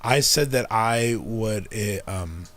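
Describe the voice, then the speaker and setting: A man with a somewhat low voice chatting on a podcast. He jokes and throws in sarcastic asides as he talks through ideas with his co-host. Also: takes it slowly, a bit bright. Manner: joking, sarcastic. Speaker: podcast co-host and shop owner. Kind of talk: casual chat.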